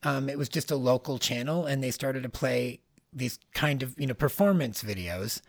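A man's voice: mid-range voice, normal speed, dry recording, studio quality. A man co-hosting a podcast, chatting in a rambling, easygoing way and laughing easily. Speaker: podcast co-host. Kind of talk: casual chat about pop culture.

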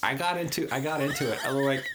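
A man's voice: medium pitch, quick pace. A young man co-hosting a podcast, telling a rambling story with lots of jokes and laughter. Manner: rambling, joking storyteller who laughs a lot. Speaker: podcast co-host. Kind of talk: casual chat. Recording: noisy background.

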